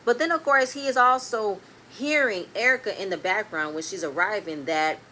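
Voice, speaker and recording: A woman recapping a reality TV episode in a casual, blunt, animated way, with speech. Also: mid-range voice, moderate pace, slight background noise. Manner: animated, blunt and swearing, swings between loud and quiet.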